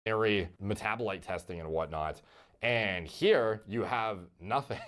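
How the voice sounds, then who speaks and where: A man's voice: on the low side, a little slow, a bit bright. A man giving casual, profane commentary about a fighter's physique in a video played on stream.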